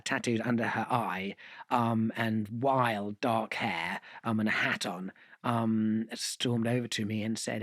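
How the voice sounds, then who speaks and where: A man's voice: mid-range voice, a bit bright, no room sound, clean studio sound. A male podcast guest telling long, self-deprecating stories in a conversational way, restarting sentences and using fillers. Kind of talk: conversational storytelling.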